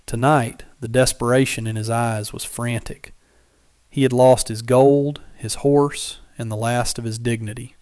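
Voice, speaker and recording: A man's voice: medium pitch, steady tone, darkish tone, clean tone, no echo, studio quality. Man narrating a dramatic frontier tale. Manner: measured, dramatic storytelling. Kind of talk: scripted story narration.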